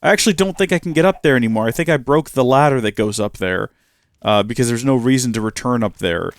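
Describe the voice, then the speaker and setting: A chatty young man narrating his gameplay, swinging up and down through a lively, animated pitch. He mocks himself, scolds the creatures on screen and talks to the folks at home in an easy, playful way. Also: fast, vocal fry, no room sound, clean studio sound. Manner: chatty, self-mocking, talks to his bees and the viewers. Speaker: Minecraft let's-play host. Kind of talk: casual gameplay commentary.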